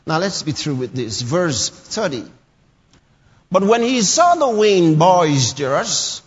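A man with a high, husky voice preaches in emphatic bursts, repeating scripture lines and driving them home. The recording is dull and lo-fi, with the long reverb of a large church hall around him. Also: wildly swooping pitch, slow pace. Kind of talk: sermon.

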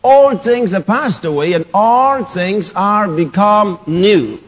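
A man's voice: high voice, slow pace. A man preaching a sermon, emphatic and repetitive, reading scripture lines aloud and pressing them home. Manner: emphatic, repeats scripture lines, rising to shouts. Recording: dull lo-fi sound with long hall reverb.

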